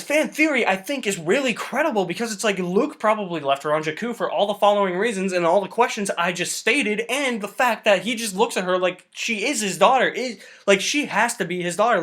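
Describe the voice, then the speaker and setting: A young man giving a casual, excited film review, chatty and swearing loosely. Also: high voice. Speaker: movie reviewer.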